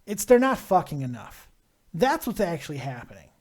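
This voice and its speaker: A man's voice: fairly high pitch, big pitch swings, moderate pace. A man hosting a live call-in show, loose and joking, swearing freely as he chats with callers. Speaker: host.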